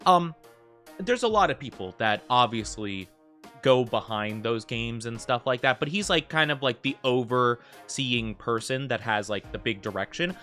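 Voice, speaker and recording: A man's voice: medium pitch, lively intonation, moderate pace, sharp tone, soft background music. An American man streaming a game, chatting casually and rambling with lots of filler words. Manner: rambling, heavy use of fillers like "like". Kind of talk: casual livestream chat.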